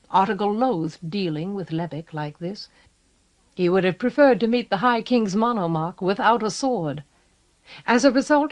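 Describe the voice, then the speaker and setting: Steady woman narrator reading an old cassette audiobook. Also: medium pitch, moderate pace. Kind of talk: scripted narration.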